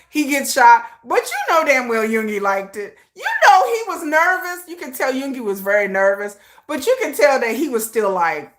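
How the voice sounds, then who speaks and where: A woman hosts a casual livestream, talking loosely and laughing often. Her bright voice swings widely in pitch and leaps into excited shrieks. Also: normal speed. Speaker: livestream host.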